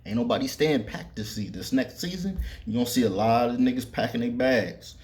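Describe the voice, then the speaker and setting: A man's voice: medium pitch, expressive, brisk, darkish tone. A man hosting a sports podcast, talking loosely and profanely with many fillers, speaking straight to the players. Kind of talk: casual sports commentary monologue.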